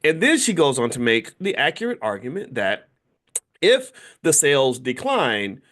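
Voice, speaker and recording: A man's voice: mid-range voice, wildly swooping pitch, measured pace, a bit bright. Middle-aged guy riffing on his channel, lots of uh and you know, keeps restarting sentences. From United States. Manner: rambling, with many fillers and restarts; mimics voices playfully when quoting others. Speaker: finance commentator and channel host. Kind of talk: casual commentary monologue.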